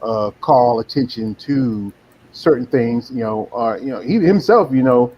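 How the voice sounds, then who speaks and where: A man's voice: mid-range voice, animated, unhurried, dull audio, slight background noise. Rambling, profane podcast host man. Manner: rambling, full of "you know", blunt and profane. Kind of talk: casual chat.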